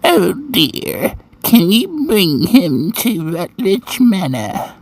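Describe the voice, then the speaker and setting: A man voicing an old woman who speaks slowly and insistently on the phone. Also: high-pitched, big pitch swings, gravelly, a little mellow, no room sound, pitched above the performer's own voice, exaggerated voice.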